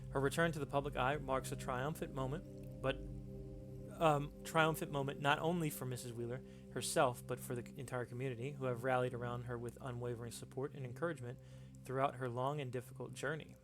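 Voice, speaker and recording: A man voicing a formal, upbeat 1920s male newsreader who reads a period news article aloud in a measured, announcing manner. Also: mid-range voice, fairly even intonation, over music, lightly acted.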